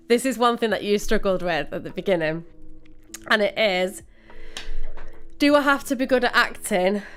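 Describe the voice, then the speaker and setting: A woman's voice: medium pitch, fairly bright tone, clean tone. A woman co-hosting a live show, talking casually and at length with restarts. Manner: chatty, rambling with restarts and laughter. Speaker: co-host. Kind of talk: casual radio chat.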